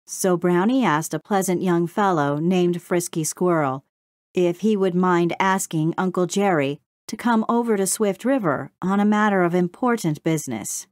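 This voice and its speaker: Woman reading a kids storybook aloud, low-ish voice, steady. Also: normal speed, no echo, clean studio sound. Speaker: audiobook narrator. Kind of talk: scripted storybook narration.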